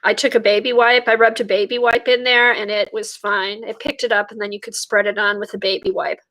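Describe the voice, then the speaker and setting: A woman's voice: medium pitch, level tone, a little fast, bright, forceful tone. A middle-aged woman chatting casually with viewers by name while she works on a craft project during a livestream. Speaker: art livestream host.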